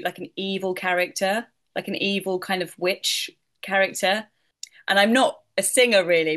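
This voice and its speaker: A woman's voice: on the low side, fairly bright tone. A middle-aged woman, a voiceover artist, answering interview questions in a chatty way, with many fillers and frequent laughs. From United Kingdom.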